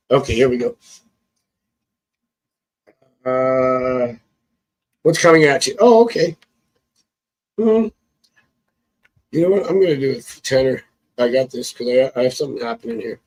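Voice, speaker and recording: A man's voice: mid-range voice, moderate pace, long pauses, breathy edge, rough recording. A man reading tarot cards on a live stream. He chats casually, thinks aloud and chuckles often. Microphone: phone.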